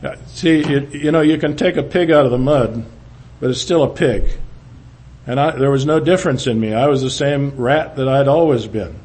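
Older man, church testimony, halting storytelling, restarts, mid-pitched voice. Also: slightly rough. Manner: halting storytelling, frequent restarts, drops low and quiet. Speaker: speaker giving testimony.

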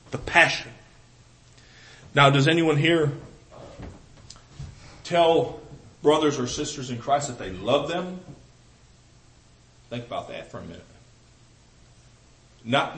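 A man with a Southern US accent preaching a sermon to a congregation, earnest, often restarting phrases, swinging between loud emphasis and soft, intimate asides. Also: medium pitch, poor audio.

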